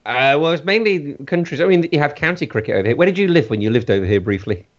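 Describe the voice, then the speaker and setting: A man's voice: a little high, lively intonation, fast talker. A man hosting in casual banter, teasing and wry. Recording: dull lo-fi sound.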